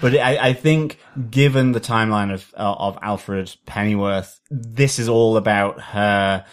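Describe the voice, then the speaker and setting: Man, podcast co-host, low voice, casual chat, rambling, hesitant, many ums. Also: measured pace.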